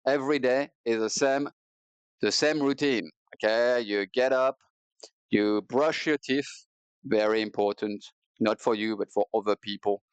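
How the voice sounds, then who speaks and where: Man, casual game stream chat, playful and rambling, smooth voice, dry muffled cheap-headset sound. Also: medium pitch, unhurried, no echo. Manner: rambling, playful, self-mocking. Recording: dull lo-fi headset audio.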